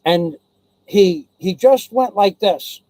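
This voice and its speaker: A man's voice: sits high, takes it slowly, a little mellow, no room sound, rough recording. A man telling a casual personal anecdote, rambling and digressive with many restarts, blunt and salty in his talk. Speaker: storyteller.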